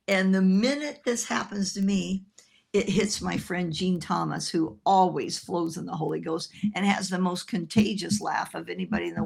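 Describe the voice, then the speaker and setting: A woman minister telling an animated personal story in a sermon, laughing as she talks. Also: on the low side, gravelly, slightly rough.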